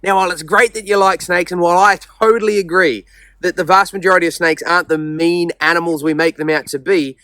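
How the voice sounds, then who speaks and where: An Australian man presents a wildlife video, friendly and measured as he explains facts to viewers. His voice sits slightly high for a man, recorded close and dry with no room sound. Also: fairly even intonation, pushed and bright, no echo.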